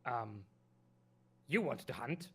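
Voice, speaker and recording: A man's voice: mid-range voice, animated, takes it slowly, husky. A man with a non-native English accent playing a tabletop game, playful and giggly, grumbling in character. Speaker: player. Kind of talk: tabletop role-play.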